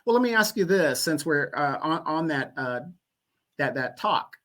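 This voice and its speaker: A man's voice: fairly high pitch, lively intonation, normal speed, pushed and bright. A man appearing as a podcast guest, talking politics in a laid-back, conversational way. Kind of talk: casual political chat.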